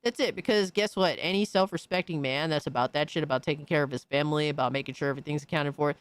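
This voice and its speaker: A man's voice: a little high, fast talker, a bit bright, smooth, no echo. A man hosting a stream, ranting in a blunt, profane and mocking way full of slang. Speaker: streamer host. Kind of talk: casual profane rant.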